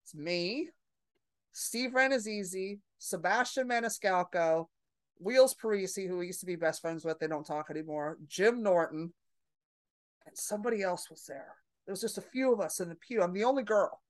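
A woman's voice: mid-range voice, moderate pace. A woman stand-up comedian telling stories in a casual chat, acting out her own panicked thoughts.

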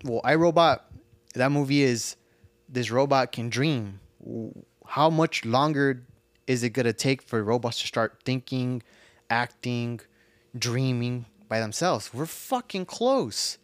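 A man's voice: medium pitch, animated, takes it slowly, dry recording. Musing man peppering "like" into talk. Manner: musing, heavy use of "like", profane. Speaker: podcast co-host. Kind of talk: casual podcast banter.

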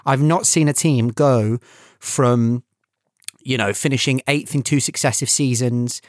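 A man co-hosting a casual football podcast, halting and searching for words as he talks. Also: medium pitch, a little mellow, no room sound, studio quality. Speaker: podcast co-host.

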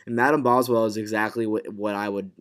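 A man's voice: fairly low pitch, steady tone, fairly quick, a bit bright, smooth. A man co-hosting a casual podcast recap of a TV episode, talking in a loose, rambling way with lots of fillers and restarts. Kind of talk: casual chat.

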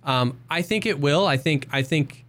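A man co-hosting a casual gaming podcast, agreeable and thinking out loud in quick bursts. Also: a little high. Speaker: podcast co-host.

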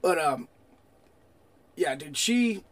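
A man's voice: on the high side, lively intonation, extremely slow. A man co-hosting a podcast in casual, agreeable chat, often saying "dude". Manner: chatty, agreeable, says "dude". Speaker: podcast co-host.

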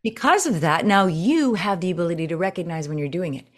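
A woman coach talking in a casual interview, telling stories with lively swings in her voice. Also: quick pace. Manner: animated storyteller, acts out quotes with big pitch jumps. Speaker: presentation coach, guest.

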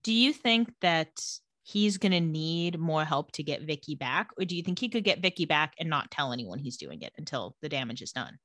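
A woman's voice: deep voice, expressive, normal speed, hardly any pauses, fairly bright tone, dry recording. Woman recapping a show, dry close sound. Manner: narrates scenes and quotes characters in a conversational tone. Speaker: podcast co-host recapping a TV show. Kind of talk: casual chat.

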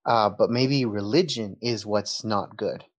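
A man's voice: lowish voice, unhurried. A man with a slight Texan accent chatting as a podcast guest, telling stories and laughing often. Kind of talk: casual podcast chat.

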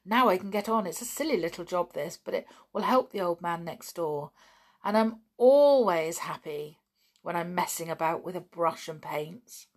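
A woman voicing a sullen teenage boy artist in a storybook reading, quiet and bitter. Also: fairly low pitch, lively intonation, normal speed.

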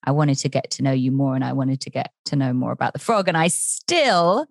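Low-voiced woman hosting a podcast. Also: animated, fairly quick, creaky, dry recording, clean studio sound. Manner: effusive, chatty with many fillers. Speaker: podcast host.

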